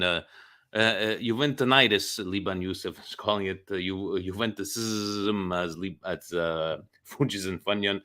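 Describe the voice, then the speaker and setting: A man hosts a football podcast in relaxed, rambling chat. His voice is very low in pitch and has a bright, forceful edge. He talks easily with plenty of filler words. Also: a little slow. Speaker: podcast host.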